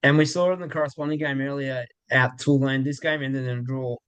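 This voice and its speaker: Dry-sounding Australian commentator. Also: male voice, mid-range voice, level tone, a little fast, fairly bright tone, smooth, no echo. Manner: cheerful, ready laugh. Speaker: football commentator. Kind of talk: casual chat.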